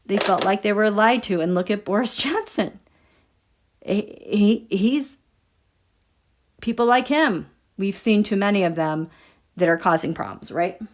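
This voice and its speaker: A woman's voice: mid-range voice, measured pace, long pauses. A woman hosting a tarot and astrology livestream, chatting casually and emphatically with her viewers and reading out their comments. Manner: animated, emphatic, talks straight to her viewers.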